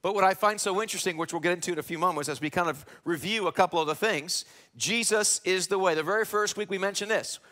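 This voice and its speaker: Pastor guy preaching live in church, high voice, gets loud and excited acting out questions. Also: quick pace. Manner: animated preaching, acts out quoted questions with rising pitch. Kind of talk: sermon. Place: church sanctuary, live broadcast.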